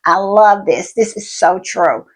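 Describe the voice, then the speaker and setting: A woman hosting a fan commentary channel, gushing excitedly and repeating herself, often calling her viewers y'all. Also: medium pitch, unhurried.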